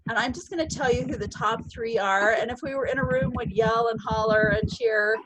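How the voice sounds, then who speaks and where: A woman's voice: fairly high pitch, a little fast, noisy background. A woman leading a virtual sales-team meeting over a video call, bubbly and upbeat, cheering often. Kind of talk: upbeat online meeting announcements.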